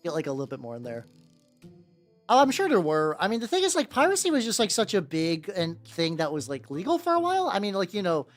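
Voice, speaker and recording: Talking fast with huge swings in pitch from a mid-range base, this streamer rambles casually to viewers and swears freely while painting miniatures. Faint background music can be heard.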